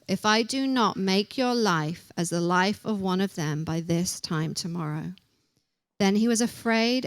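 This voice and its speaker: A woman's voice: mid-range voice, smooth, no room sound, clean studio sound. A young woman preaching a casual sermon in a chatty, self-deprecating way, acting out little quotes as she goes.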